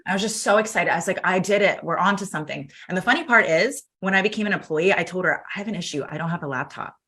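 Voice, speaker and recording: A woman guest on an interview show, telling her story in a lively, chatty way and acting out the other people's lines as she goes. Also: lowish voice, very fast. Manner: animated, acts out quoted dialogue, laughs often. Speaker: podcast guest.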